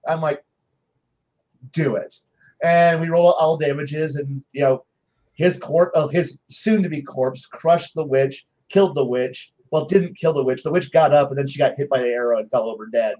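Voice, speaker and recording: A man on a game-master panel telling stories about his players in casual chat, acting out their lines in quick voices. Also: fairly high pitch, a little mellow, poor audio.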